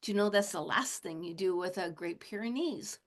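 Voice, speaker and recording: A woman in her late sixties, a shamanic teacher, talking in a gentle, casual teaching manner and chuckling often. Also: mid-range voice, moderate pace. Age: 60s. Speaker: shamanic teacher and animal communicator.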